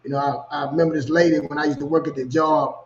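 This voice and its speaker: A man with a Louisiana accent, a co-host telling a personal story in casual, animated talk. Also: fairly high pitch, very fast, dull audio, a little hiss or hum. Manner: animated storyteller, repeats "you know what I'm saying". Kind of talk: storytelling chat.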